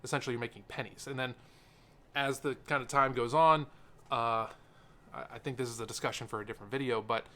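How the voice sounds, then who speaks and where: Young guy vlogging to camera, bright voice, rambles and gets sidetracked, earnest, um and like everywhere. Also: mid-range voice, steady tone, fast talker. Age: young adult. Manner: rambling, sidetracked, many fillers; earnest and openly emotional. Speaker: tech YouTuber. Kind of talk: unscripted sit-down vlog. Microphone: camera mic, seated talking to camera.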